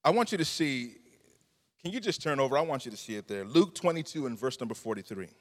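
A man's voice: mid-range voice, expressive, fast talker. A man preaching a sermon in a church, with a fervent, repetitive preaching cadence. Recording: long hall reverb.

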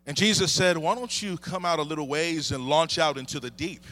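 A man's voice: a little high, fairly quick, pushed and bright. A man in his thirties preaching a sermon, building intensity through repeated refrains. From United States. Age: 30s. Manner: impassioned preaching with rising emphasis and repeated refrains. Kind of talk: sermon with opening prayer.

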